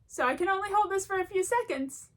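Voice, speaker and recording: A video essayist with an extremely high-pitched, animated voice talks fast in a casual, rambling commentary. She's chatty and self-deprecating and often breaks into laughter.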